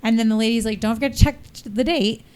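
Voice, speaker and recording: A woman's voice: on the high side, fast talker, darkish tone, smooth. A woman co-hosting a podcast, telling a story in casual chat and laughing often as she goes. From New York. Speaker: podcast co-host.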